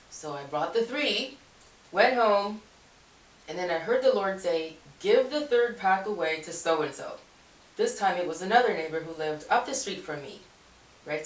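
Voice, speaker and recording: A woman telling a personal faith story in a casual, rambling way, often correcting herself and laughing. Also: on the low side. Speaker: Christian video blogger. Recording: echoey room, voice far from mic.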